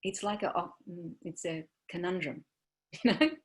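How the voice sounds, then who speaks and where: A woman giving a dharma talk as a meditation teacher, gentle and searching, trailing off softly with many fillers. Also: fairly low pitch, normal speed.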